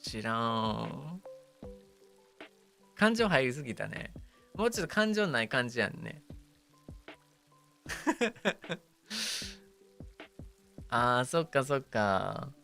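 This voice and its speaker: A man's voice: medium pitch, very animated, unhurried, gravelly, long pauses, sharp tone, faint music behind. A young man streaming casual chat, joking and laughing often as he switches between English and Japanese.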